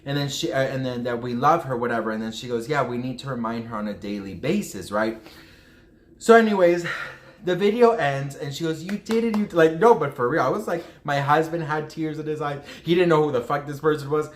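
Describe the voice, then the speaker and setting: A man's voice: mid-range voice, fairly quick. Rambling, heartfelt man in an echoey room. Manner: rambling and heartfelt, with many restarts. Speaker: vlogger. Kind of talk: casual storytelling to camera.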